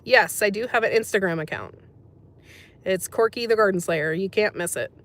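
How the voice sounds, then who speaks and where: An American woman talks casually on a livestream, answering her chat as she goes. Her voice sits at an ordinary middle pitch, and she fills pauses with frequent ums. She sounds easygoing and sympathetic with viewers. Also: a bit bright. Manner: chatty, says um often, sympathetic. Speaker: livestream host reading chat.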